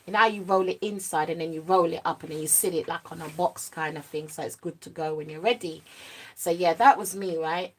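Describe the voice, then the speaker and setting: A young woman telling a personal story to camera, in an animated, slang-heavy way that goes quiet at the serious parts. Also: fairly low pitch. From United Kingdom. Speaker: vlogger. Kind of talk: storytime monologue.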